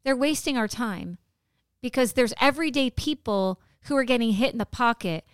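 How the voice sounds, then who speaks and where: Effusive woman podcast co-host, smooth voice. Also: fairly high pitch, expressive, normal speed, no room sound, clean studio sound. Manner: warm, effusive, gasps and exclaims often. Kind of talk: casual chat.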